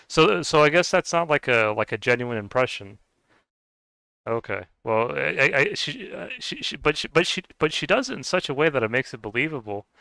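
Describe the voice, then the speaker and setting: A man's voice: mid-range voice, fairly bright tone, smooth, no echo, poor audio. A man streaming a game, chatting casually to viewers and rambling with many restarts. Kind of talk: casual chat while gaming.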